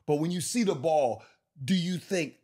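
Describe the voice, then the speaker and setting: A man's voice: a little high, moderate pace, a little mellow. Eager man hosting a podcast. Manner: eager questioning, pushes for detail. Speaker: podcast host. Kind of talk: casual interview chat.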